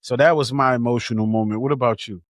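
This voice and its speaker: A man's voice: mid-range voice, fairly even intonation, quick pace, no room sound, clean studio sound. A man co-hosting a podcast, talking about a book in a laid-back, slangy, joking way. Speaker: podcast co-host. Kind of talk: casual book review chat.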